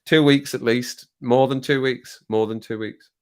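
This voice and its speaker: A man's voice: mid-range voice, steady tone, a little slow. A man hosting a live stream from his home setup, rambling casually to viewers on a desk microphone, laughing and swearing often. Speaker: livestream host.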